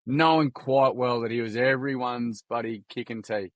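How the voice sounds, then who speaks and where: An Australian man, a podcast guest, chatting casually as an animated storyteller with plenty of slang, swearing and restarts. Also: mid-range voice, moderate pace, no echo. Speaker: podcast guest, youth workshop founder. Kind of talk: casual interview chat.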